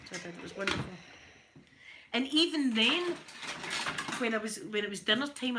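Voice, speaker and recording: A Scottish woman with a Glaswegian accent, chatting casually to her viewers. She tells funny stories, laughs a lot, and her throat is a little hoarse. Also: medium pitch, background noise. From Scotland. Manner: chatty storyteller, laughs often, mimics voices. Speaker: ASMR channel host.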